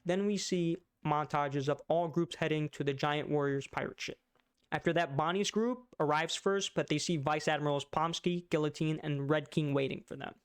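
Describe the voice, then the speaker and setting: A man walks through the latest manga chapter in loose, slangy commentary, stumbling over his words and leaning on fillers. His voice sits a little high and comes across smooth and clear. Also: steady tone, normal speed. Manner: casual slang, frequent fillers and stutters. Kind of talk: casual chapter-recap commentary.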